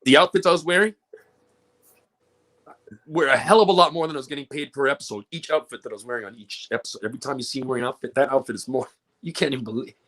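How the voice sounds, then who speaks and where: A man's voice: medium pitch, quick pace, a bit bright. A man speaking as an actor on a panel, candid and joking, with frequent restarts. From Canada. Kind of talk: panel discussion.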